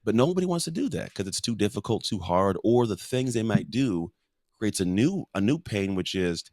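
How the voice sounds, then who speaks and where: Deep-voiced earnest male guest, dry sound. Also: very animated, moderate pace, darkish tone, no room sound. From United States. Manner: earnest, explains with stories and metaphors. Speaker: podcast guest, motivational speaker. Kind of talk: casual conversational interview.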